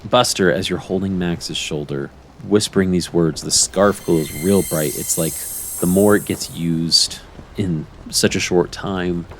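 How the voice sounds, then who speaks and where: A man with a very deep voice narrates a tabletop game as game master. He speaks slowly and describes scenes at length, pausing on fillers. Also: slight background noise.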